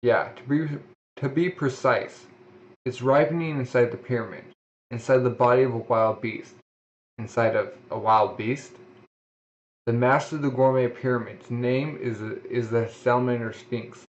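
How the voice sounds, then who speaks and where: A man's voice: medium pitch, dull audio. A man reading a manga aloud, voicing the sound effects and often restarting his sentences. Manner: halting reading with frequent restarts. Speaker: manga reader.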